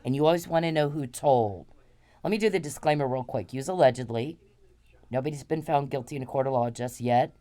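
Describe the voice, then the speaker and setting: A woman podcast host with a very deep, warm voice talks a little fast. She delivers an angry, repetitive, profane monologue aimed straight at one man.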